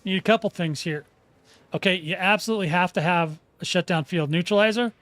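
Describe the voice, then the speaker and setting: A man's voice: high voice, quick pace, fairly bright tone, no echo. A man hosting a casual game tutorial, folksy and chatty, often restarting sentences and checking in with "okay?". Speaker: gaming channel host.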